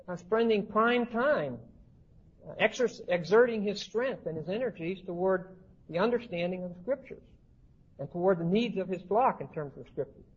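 Man, Bible teacher, classroom lecture, high pitched, breathy, halting delivery, muffled old recording. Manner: checks in with the class often; halting, restarts phrases.

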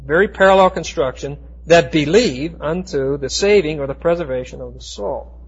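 A man teaching a Bible class, explaining Greek words with emphatic, slowed stress and frequent restarts. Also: fairly high pitch, husky. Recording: dull lo-fi recording.

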